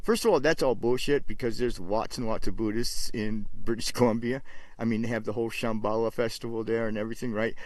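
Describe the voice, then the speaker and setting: A man's voice: lowish voice, fairly even intonation, a little fast, no echo. A man hosting a casual livestream, talking in a rambling, opinionated way with frequent restarts. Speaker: livestream host.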